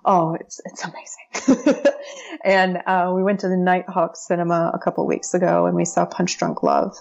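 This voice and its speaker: A woman's voice: on the low side, lively intonation, normal speed, creaky, darkish tone, lo-fi sound. A woman guest talking in an enthusiastic, chatty way on a podcast, with plenty of fillers. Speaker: interview guest, brand strategist. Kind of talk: casual podcast conversation.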